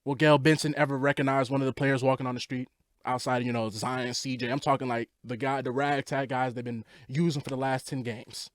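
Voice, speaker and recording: A man's voice: medium pitch, fast talker, no room sound, clean studio sound. A young man hosting a sports vlog, giving casual commentary as an exasperated fan on a rant. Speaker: sports podcast host.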